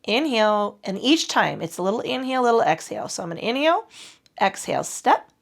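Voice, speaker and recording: Gravelly-voiced woman cueing pilates. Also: a little high, quick pace. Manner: calm cueing with breath counts, chatty asides. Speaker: pilates instructor. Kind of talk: guided exercise instruction.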